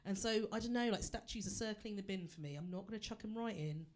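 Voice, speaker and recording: A woman's voice: mid-range voice, quick pace. Woman in her 30s doing stand-up on a theatre stage, chatty, pokes fun at herself, talks right to the crowd. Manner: chatty, self-deprecating, addresses the audience directly. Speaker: stand-up comedian. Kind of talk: stand-up comedy set. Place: theatre stage before a live audience.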